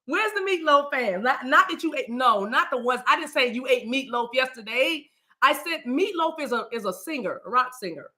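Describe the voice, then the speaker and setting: A woman hosting a spiritual live stream in casual talk, animated and playful, breaking into chant-like sounds. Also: high voice, normal speed.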